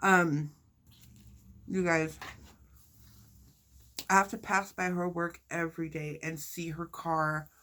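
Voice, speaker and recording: A young woman vlogger telling a story to her viewers in a casual, animated and indignant way. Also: on the low side, slow, pauses often. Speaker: mukbang vlogger.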